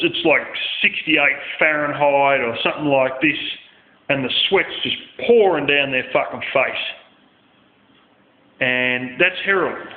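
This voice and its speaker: An Australian man telling a rambling story bluntly, with lots of swearing. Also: mid-range voice. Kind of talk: casual storytelling rant. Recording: tinny phone-like sound in an echoey room.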